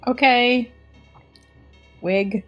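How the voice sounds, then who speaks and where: A woman's voice: a little high, steady tone, very slow, highs cut off, faint music behind. A woman playing a tabletop game, bantering in character with dry, sassy remarks.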